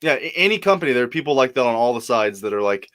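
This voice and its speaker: Relaxed chatty man from Texas. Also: medium pitch, very fast, a crowd in the background. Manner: relaxed, chatty, repeats words when starting sentences. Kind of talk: casual live-stream chat.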